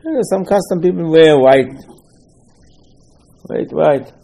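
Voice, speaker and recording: A rabbi delivers a relaxed, emphatic Torah lesson, circling back to phrases and posing rhetorical questions in slightly broken English. His voice is a little high and mellow, with lively intonation, vocal fry, and a slow pace.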